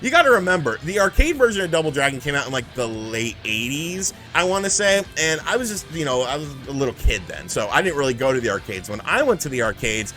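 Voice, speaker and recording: A man casually telling a profane, animated story about retro video games, acting out the people in it. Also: mid-range voice, fast talker, few pauses, faint music behind. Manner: profane, animated, acts out the people in his stories. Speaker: channel host.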